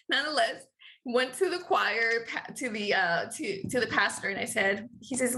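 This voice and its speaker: A woman's voice: fairly high pitch, unhurried, bright, forceful tone. A middle-aged woman from Nicaragua, a guest entrepreneur, telling her personal story in an interview, laughing often and acting out dialogue.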